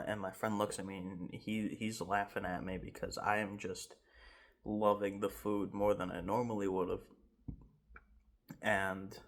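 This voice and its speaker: Low-voiced man telling a rambling story. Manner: rambling, animated retelling with laughs and restarts. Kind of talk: casual story time. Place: home garage.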